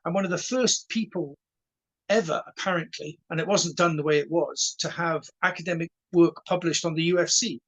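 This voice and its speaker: A man in his sixties, a karate instructor telling stories in an interview, animated and stumbling over repeated words as he acts out conversations. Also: a little high, fairly quick, poor audio. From Wales. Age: 60s. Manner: animated storyteller who stutters on repeated words and acts out dialogue. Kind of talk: casual storytelling interview.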